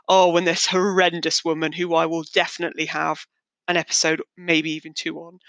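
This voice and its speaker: A woman's voice: lowish voice, fairly bright tone, no room sound. A woman hosting a podcast, telling a long personal story in a chatty, rambling and darkly candid way. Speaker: podcast host. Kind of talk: casual storytelling monologue.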